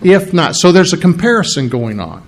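Throat-clearing preacher man, slightly high voice. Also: very animated. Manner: halting, repeats and restarts, frequent throat clearing. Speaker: pastor. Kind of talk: sermon.

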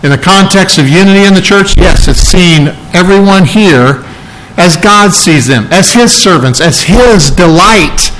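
A man's voice: high voice, animated, measured pace, fairly bright tone, slight background noise, rough recording. A man preaching a sermon, teaching earnestly and stressing key phrases by repeating them. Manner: earnest, emphatic teaching with repetition. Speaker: pastor.

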